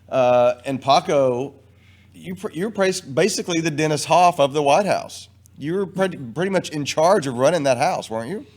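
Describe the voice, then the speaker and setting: A man's voice: mid-range voice, a little mellow. A man hosting a live talk stream, interviewing a guest with short affirmations and probing follow-up questions. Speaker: host.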